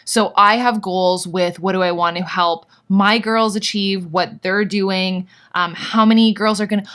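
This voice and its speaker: A woman's voice: medium pitch, a bit bright. A woman vlogger and online business coach, talking to her viewers in a casual live workshop, bubbly and gushing, rambling with lots of fillers.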